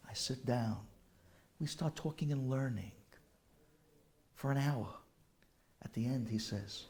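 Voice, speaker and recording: A man's voice: mid-range voice, takes it slowly, long pauses, a little mellow. A middle-aged man, a rabbi, telling a heartfelt story in a sermon, using Hebrew and Yiddish terms.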